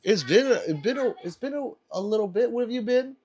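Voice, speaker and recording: A man's voice: very high voice, expressive, a little fast, a little mellow, slightly rough. A man hosting a casual livestream, reading chat aloud, laughing often and swearing freely.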